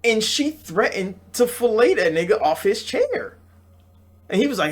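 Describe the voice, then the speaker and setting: A young man with a fairly high voice talks through a video game in a loose, profane reaction chat. He jumps from loud, excited bursts to slow, heavy emphasis as he vents about the game. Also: slightly rough. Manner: excitable, profane, swings between loud outbursts and drawn-out slow stresses. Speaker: gaming channel host. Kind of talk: casual game reaction talk.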